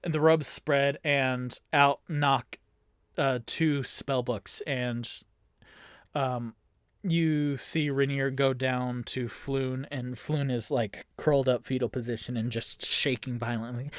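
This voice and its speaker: A man with a medium-pitched, clear, resonant voice and fairly even intonation speaks slowly in a dry, studio-quality recording. Alone, he narrates a tabletop game as both game master and player, rambling with many fillers and breaking into groans of dread.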